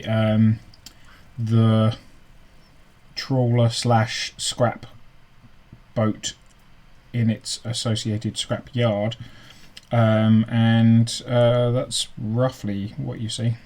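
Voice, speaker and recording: Male GM, mid-pitched, slow halting narration. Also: flat delivery, darkish tone. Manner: halting, full of ums and restarts. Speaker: game master. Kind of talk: narrating a tabletop game online.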